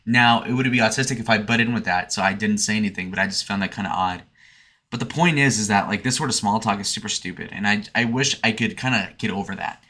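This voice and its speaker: Fields: Sex: man. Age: 20s. Tone: bright, forceful. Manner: provocative. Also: on the low side, quick pace. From Michigan. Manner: provocative, sarcastic, meandering. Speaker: streamer. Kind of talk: casual rambling monologue.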